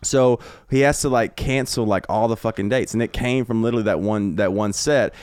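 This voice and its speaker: Man, podcast guest, fast rambling stories, swears a lot, lowish smooth voice, dry close sound. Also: darkish tone, dry recording. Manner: rapid, rambling anecdotes with frequent profanity. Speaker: guest comedian. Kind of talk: casual podcast storytelling. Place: home podcast room.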